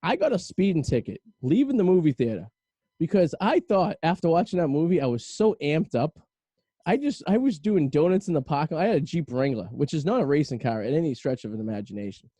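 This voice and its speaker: A man's voice: on the high side, a little fast, breathy edge, dry recording. A man in his thirties hosting a podcast, chatting casually and animatedly acting out stories. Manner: animated storyteller acting out quotes. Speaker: podcast host. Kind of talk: casual chat.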